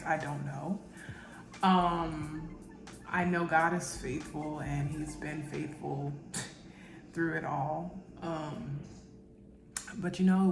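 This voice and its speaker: A young woman vlogging candidly from her home kitchen, halting and emotional, close to tears, with many pauses and fillers. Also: low-pitched. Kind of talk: reflective personal vlog talk. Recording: echoey room with faint music.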